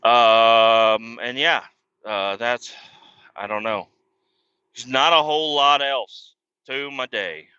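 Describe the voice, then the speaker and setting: Casting: male podcast host, bright forceful tone, heavy cursing, rambling casual storytelling, dull dry lo-fi recording. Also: medium pitch, slow, smooth, no echo. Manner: profane, rambling, swears constantly.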